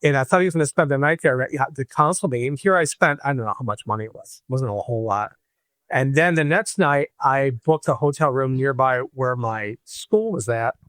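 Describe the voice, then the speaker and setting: A man from Michigan, a podcast guest, telling a personal story in an animated way and acting out the voices he quotes. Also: mid-range voice, a little fast, dry recording. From Michigan, USA.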